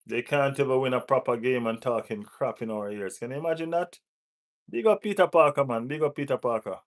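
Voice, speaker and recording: A man's voice: mid-range voice, brisk. Football watch-along host, male, West Indian accent, playful banter with the chat, mid-range voice. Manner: banters, gives shout-outs to chat; teasing rival fans, laughing often.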